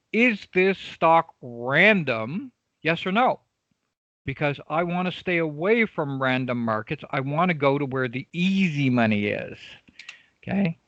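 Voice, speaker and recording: A man's voice: on the high side, fairly bright tone, no echo, highs cut off. A man teaching a live online trading class, emphatic and repetitive, often checking in with his students. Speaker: trading coach.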